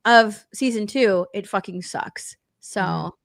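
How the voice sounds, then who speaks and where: A woman co-hosting a casual pop culture podcast, ranting about TV shows in an animated way, swearing freely and laughing as she talks. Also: medium pitch, slow, vocal fry, dry recording. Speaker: podcast co-host.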